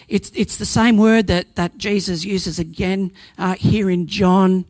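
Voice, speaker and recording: A man's voice: sits high, fairly even intonation, a little slow, few pauses, a little mellow, no echo. A man preaching a sermon, earnest and emphatic, building points through repetition and sometimes restarting a phrase.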